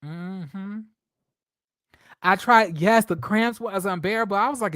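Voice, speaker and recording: A man hosting a casual live stream from home, telling stories in a dramatic, expressive way, swearing freely and laughing often. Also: high-pitched, unhurried, pauses often, no echo, clean studio sound.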